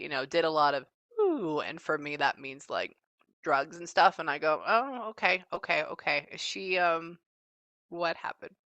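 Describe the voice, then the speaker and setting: A woman giving a casual psychic reading, chatting as she relays what she senses with frequent pauses and fillers. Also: mid-range voice, pushed and bright, dry recording. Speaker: psychic medium.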